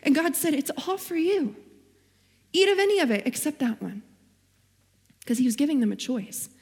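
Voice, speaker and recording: A woman's voice: high voice, very animated, moderate pace, darkish tone. Earnest woman preaching in a hall. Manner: earnest, personal storytelling with Bible quotes. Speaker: guest speaker. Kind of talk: sermon.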